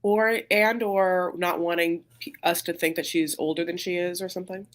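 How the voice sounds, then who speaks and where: A woman's voice: on the low side, steady tone, moderate pace. A woman co-hosting a casual podcast, chatting and rambling with lots of fillers and restarts. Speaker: podcast co-host recapping a reality show. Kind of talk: casual chat.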